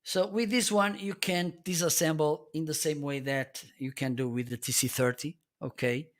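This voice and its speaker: With a fairly high pitch, steady tone, and normal speed, a man runs a live stream where he casually demos desk USB microphones under test. He talks chattily, reviewing the gear and repeatedly asking "okay?".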